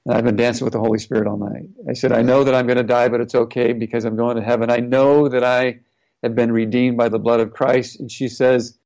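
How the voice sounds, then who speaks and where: A middle-aged man tells a personal story in an earnest, reflective way. His voice has a gravelly, creaky texture. The recording sounds a little dull and lo-fi. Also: mid-range voice, little pitch movement, quick pace, darkish tone. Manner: earnest, reflective, retelling quotes. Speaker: guest, former NFL player. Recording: slightly dull, lo-fi audio.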